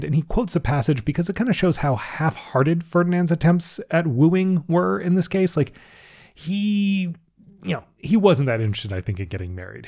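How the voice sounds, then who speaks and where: A man's voice: mid-range voice, a little mellow. A man hosting a history podcast, narrating in a casual way with chuckling asides. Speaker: podcast host.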